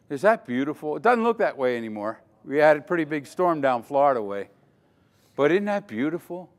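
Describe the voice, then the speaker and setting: An older man giving a dramatic safety lecture at a conference, quizzing the audience as he goes. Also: a little high. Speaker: safety trainer. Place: conference hall. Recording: long hall reverb.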